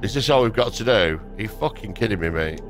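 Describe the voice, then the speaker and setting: Over music, a young man with a lowish, expressive voice talks fast through his gameplay, rambling, swearing freely, and making fun of himself. He's a gaming video creator recording at his home desk on a dynamic microphone.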